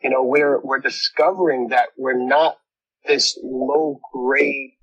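A man's voice: mid-range voice, steady tone, slow, a bit bright, breathy edge, muffled recording. A man in his forties or older, reflective and a little sarcastic, talking through his past church years in casual conversation and often repeating words as he builds a point.

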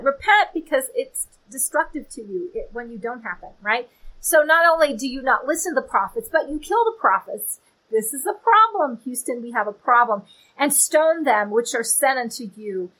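A woman giving a casual, chatty Bible teaching, animated and playful with asides. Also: high voice, poor audio.

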